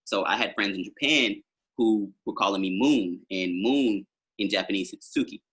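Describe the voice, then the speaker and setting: As a musician guest on a podcast, a man tells long, rambling stories packed with fillers in casual conversation. His voice is lowish, a bit bright, and slightly rough, at a normal speed.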